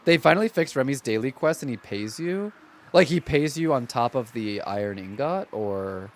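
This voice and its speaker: A man's voice: mid-range voice, expressive, normal speed, a little hiss or hum. A man streaming a game and chatting with viewers, rambling casually with lots of "like". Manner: chatty, rambling, heavy use of "like"; talks to chat while playing. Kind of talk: casual gameplay commentary.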